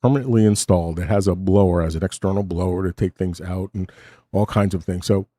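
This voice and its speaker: A middle-aged man with a low, warm voice drifts through a casual late-night monologue at a studio mic. He interrupts himself often and drops wry asides, sounding short on sleep. The sound is dry and close. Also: steady tone, quick pace, no echo. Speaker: host of a late-night stream. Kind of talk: casual rambling talk. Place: home studio. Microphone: studio mic with cough button.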